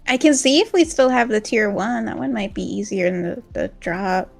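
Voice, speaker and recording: A woman's voice: mid-range voice, expressive, moderate pace, creaky, faint music behind. A woman guest streamer in casual, easygoing chat while playing a game.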